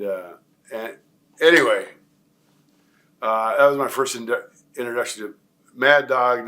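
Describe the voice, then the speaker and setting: A man's voice: on the low side, fairly bright tone, slight background noise. An older man from Nebraska telling long stories in a career interview, rambling with many fillers and restarts. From Nebraska, USA. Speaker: retired pro wrestler, guest.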